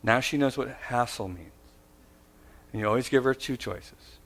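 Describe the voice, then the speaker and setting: A middle-aged man giving parenting advice as a story, acting out both sides of a conversation and jumping into a high voice for a child's lines. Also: normal speed, a bit bright. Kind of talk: storytelling talk.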